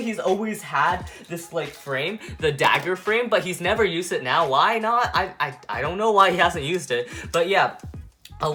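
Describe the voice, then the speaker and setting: Young male reviewer, high bright voice, rambling and giggly. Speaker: anime reviewer. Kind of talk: casual review chat.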